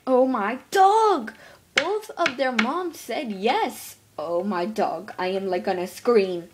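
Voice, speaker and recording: A woman voicing an easily excited young daughter pet in a home-made toy pet role-play, gushing and tripping over her words. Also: fairly low pitch, unhurried, background noise, lightly acted. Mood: giddy.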